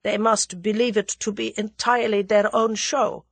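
A woman's voice: medium pitch, level tone, moderate pace, no room sound, voice pushed up, close to an everyday voice. A woman reading aloud, voicing a precise, formal German conspirator with a German accent.

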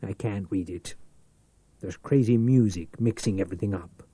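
A man's voice: on the low side, normal speed, dark tone, husky, no echo. A man reading aloud, voicing a wizened, bitter old pawnbroker who snarls and shrieks with sour hatred. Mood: sullen. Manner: snarling, sour, rising to screams.

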